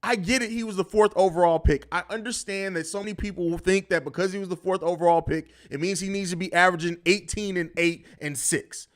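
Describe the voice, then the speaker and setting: A man's voice: sits high, steady tone, fast, hardly any pauses. A man hosting a live sports podcast, talking bluntly and riffing with plenty of profanity. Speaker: podcast host. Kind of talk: live-stream sports talk.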